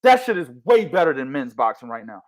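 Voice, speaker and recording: A young man hosting a boxing talk show, chatting casually with loud, slangy, profane rants that swing between mumbles and shouts. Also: on the high side, very animated, fairly quick.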